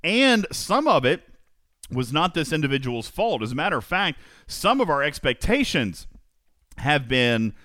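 Speaking in a fairly high pitch and an unhurried way, a man hosts a live gaming podcast with energy and emphasis. He often repeats phrases for effect and talks straight to his co-host and the audience, and the recording is dry.

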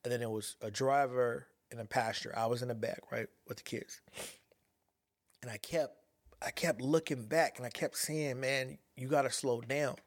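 A man telling a personal story in a halting, reflective way, with many restarts as he searches for words. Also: medium pitch, no room sound, studio quality. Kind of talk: personal monologue about anxiety and a dream.

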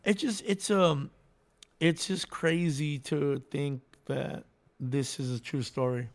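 A man's voice: on the high side, fairly even intonation, takes it slowly. A man co-hosting a casual chat, animatedly retelling a story and acting out the voices in it. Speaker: podcast co-host.

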